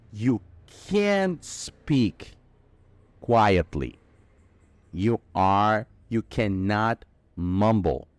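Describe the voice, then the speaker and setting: A man teaching English vocabulary, explaining slowly and stressing each key word. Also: fairly low pitch, darkish tone, dry recording, studio quality. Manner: slow, emphatic explaining with drawn-out key words. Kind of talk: vocabulary lesson.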